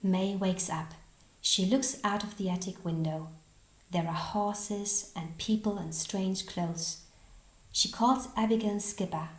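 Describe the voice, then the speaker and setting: Slow, clear woman teacher narrating. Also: mid-range voice, fairly even intonation. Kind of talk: storybook narration for schoolchildren. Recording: roomy echo.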